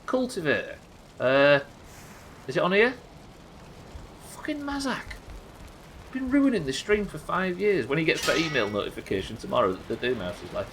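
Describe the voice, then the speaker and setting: A young man streams a game and trades sweary, exasperated banter with his viewers. His pitch leaps all over the place as he talks. A faint hiss sits under his desk-mic voice. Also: sing-song, a little fast, fairly bright tone. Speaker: streamer host. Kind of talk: live game stream commentary.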